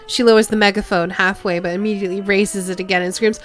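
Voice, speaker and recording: A woman streamer reading a video game's text aloud in a lively way, with casual remarks of her own. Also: mid-range voice, quick pace, hardly any pauses.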